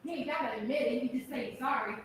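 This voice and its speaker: A woman's voice: sits high, quick pace, background noise. A woman making an angry, confrontational public comment at a township board meeting, scolding and mocking an official. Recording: echoey hall from far off.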